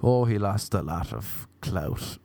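A man's voice: on the low side, animated, slow, vocal fry, darkish tone, no room sound. An Irish man telling rambling, profane comic stories in a wry, offhand way. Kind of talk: casual comedic monologue.

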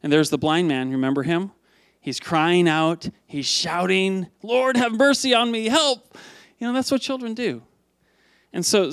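Animated male pastor, slightly high voice. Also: clear, resonant tone, no echo. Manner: lively, repeats words, asks the congregation questions. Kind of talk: conversational sermon.

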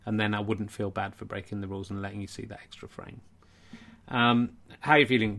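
Brief: male comedian, late-night stream host, rambling, quiet and mock-pleading. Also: fairly low pitch, steady tone, a little fast, gravelly. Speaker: comedian hosting a charity livestream. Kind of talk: late-night comic livestream chat.

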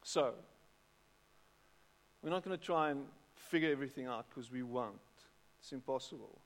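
Here the South African-accented pastor speaks at medium pitch and a moderate pace. His sermon is chatty and full of repeated words, captured in an echoey church hall with long reverb.

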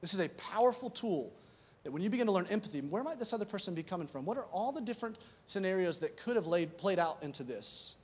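High-voiced man preaching conversationally. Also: lively intonation, quick pace, husky. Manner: conversational preaching, rhetorical questions, repeated emphasis. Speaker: pastor. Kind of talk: sermon.

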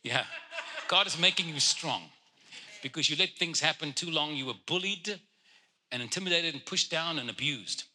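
A man delivers personal prophecies to the congregation in a direct way, breaking into teasing jokes and laughter. His voice is very bright and forward, with a husky, breathy edge. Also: a little high, moderate pace. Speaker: guest prophet. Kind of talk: prophetic ministry to individuals.

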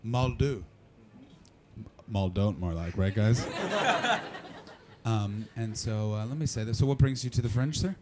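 A man's voice: mid-range voice, measured pace, heavy background noise. A man doing stand-up comedy in a small club, telling profane stories and teasing the crowd. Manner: brash, profane, animated storytelling. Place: comedy club cellar venue.

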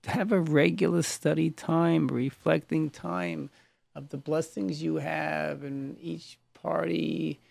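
Gravelly, dry-voiced rabbi giving a sermon. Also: male voice, fairly high pitch, a little mellow, dry recording. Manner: storytelling, acts out quoted lines; halting, restarts words.

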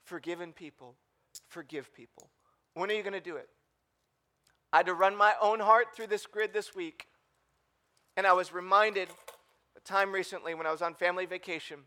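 A man's voice: sits high, fairly even intonation, normal speed, pauses often, pushed and bright. A man in his thirties preaching a sermon in a church, earnest and storytelling, building to emphatic appeals. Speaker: pastor. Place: church auditorium.

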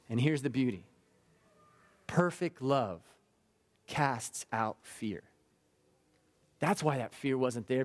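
Fervent preaching man. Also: mid-range voice. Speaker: pastor. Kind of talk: sermon.

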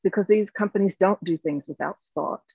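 A woman in her fifties, founder of a company, talking through her story in an interview. She speaks reflectively with many fillers and restarts, her voice carrying a gravelly edge. The recording is dry and a little dull. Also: medium pitch, brisk, darkish tone, no room sound. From United States. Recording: dull, slightly lo-fi sound.

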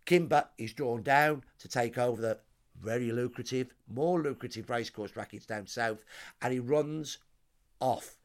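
A man's voice: medium pitch, moderate pace. Emphatic man telling history. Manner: emphatic, dramatic lists. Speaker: historian guest. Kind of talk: storytelling explanation.

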